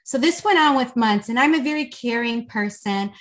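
A woman guest, an intimacy coach, telling a lively story in a casual podcast chat, with lots of "like". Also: a little high, moderate pace. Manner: animated, chatty, lots of "like".

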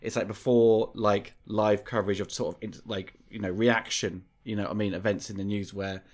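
A man's voice: lowish voice, little pitch movement, a little fast. A man talking as a guest on a film podcast, rambling and hesitant as he thinks aloud. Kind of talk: casual film discussion.

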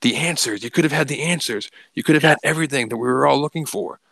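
A man's voice: lowish voice, steady tone, brisk, a bit bright, no room sound. A man voicing a frantic, obsessed male cult murderer in a casual retelling, his delivery rising and urgent. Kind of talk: casual quoted recap.

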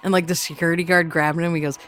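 A woman's voice: on the low side, little pitch movement, fast, fairly bright tone. A woman co-hosting a live chat show, teasing and giggling often. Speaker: co-host. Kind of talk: casual chat.

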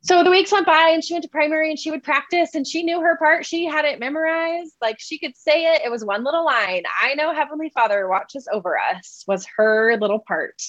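A woman's voice: sits high, brisk, few pauses, fairly bright tone, no room sound. A woman in her thirties tells a personal parenting story in a chatty, conversational way, often tagging her sentences with "like" and "right?". Her voice sits close and dry, with no room sound. The recording sounds slightly dull and muffled. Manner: conversational, heavy use of "like" and "right?". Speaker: mother sharing a parenting story.

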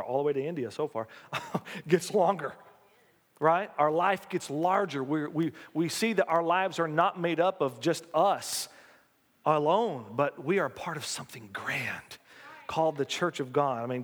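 A male pastor, preaching an animated, folksy sermon with call-and-response to his congregation. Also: a little high, measured pace, in a large hall. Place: church sanctuary.

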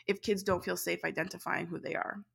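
A middle-aged woman, an education instructor telling a story as an interview guest, animated and quick to laugh. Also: fairly low pitch, creaky, husky. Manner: animated, laughs often, speeds up when excited. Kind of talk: conversational storytelling.

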